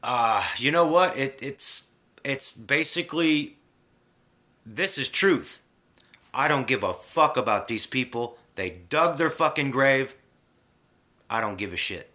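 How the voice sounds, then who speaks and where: A man's voice: medium pitch, expressive, takes it slowly, pushed and bright. A man in a casual spiritual rant, heated and preachy, swearing freely.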